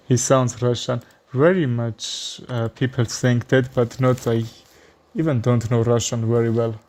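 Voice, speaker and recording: Commenting live on chess, this Armenian streamer speaks halting English with many fillers and an Armenian accent. The voice sits in the mid-range and has a dark tone.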